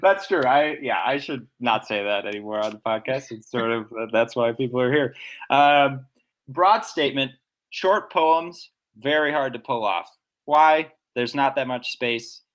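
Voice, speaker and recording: A man's voice: medium pitch, unhurried, a bit bright. A man co-hosting a podcast in a casual discussion, explaining things in an enthusiastic, nerdy, analytical way. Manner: enthusiastic, nerdy, analytical, talks through examples. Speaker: podcast co-host.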